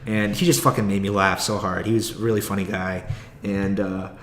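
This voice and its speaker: A man's voice: fairly low pitch, fairly even intonation, fairly quick, reverberant, slight background noise. A young man, an aspiring comic, rambling casually and with a lot of swearing in a solo podcast monologue, with frequent laughs. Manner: rambling, profane, laughs often.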